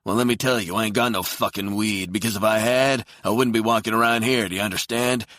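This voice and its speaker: A man's voice: fairly low pitch, steady tone, fast, fairly bright tone, dry recording, clean studio sound, voice pushed up, close to an everyday voice. A man voicing an older homeless man who rants aggressively and swears. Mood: hostile ranting.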